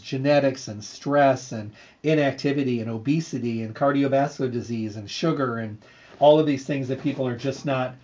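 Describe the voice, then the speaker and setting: A middle-aged man hosting a health show, telling a story in an earnest, repetitive way with lively energy. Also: medium pitch. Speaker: radio show host and health food store owner. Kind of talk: casual storytelling monologue. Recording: slightly dull, lo-fi sound.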